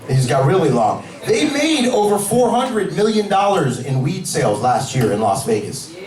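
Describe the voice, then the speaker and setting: A man performing a stand-up comedy set in a club, brash, profane and energetic. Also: fairly high pitch, normal speed. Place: cannabis club stage. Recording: echoey club from far off, crowd.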